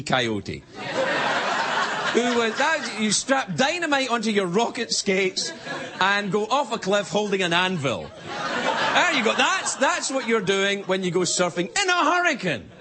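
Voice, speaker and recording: A man hosting a late-night show, telling a rambling, self-mocking comedy monologue with many restarts. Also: sits high. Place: TV studio stage before a live audience. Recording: loud audience laughter and studio noise. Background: live studio audience laughing.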